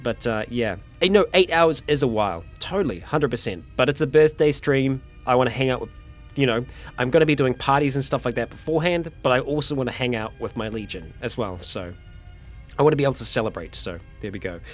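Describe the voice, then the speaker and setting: A man's voice: medium pitch, lively intonation, brisk, faint music behind. A young man, chatting casually on a livestream and answering viewer questions, a little tired. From New Zealand. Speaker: streamer.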